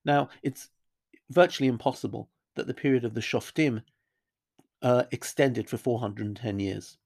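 A man giving a Bible lesson in a thoughtful, unscripted way, pausing on fillers and quoting Hebrew verses. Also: medium pitch, gravelly, a little mellow. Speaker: Bible teacher. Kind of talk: lecture on a Bible chapter.

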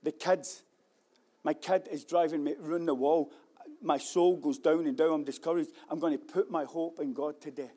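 A man preaching a sermon as pastor, moving between loud fervent stretches and quiet reflective ones, repeating key phrases. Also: on the high side, fairly even intonation, normal speed. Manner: acts out quoted voices and repeats key phrases.

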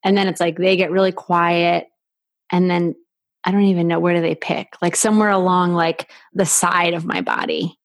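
A woman speaking as a podcast guest in an intimate conversation, slow and halting, soft, with many filler likes. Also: fairly low pitch, little pitch movement, no echo.

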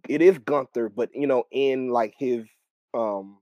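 A man's voice: mid-range voice, measured pace, warm tone, dry recording, lo-fi sound. A man co-hosting a wrestling podcast in casual chat, stammering and repeating words.

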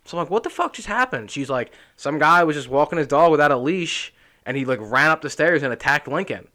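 A young podcast co-host from the Philadelphia area tells stories animatedly in casual chat, swearing a lot. His voice is on the high side and a little fast.

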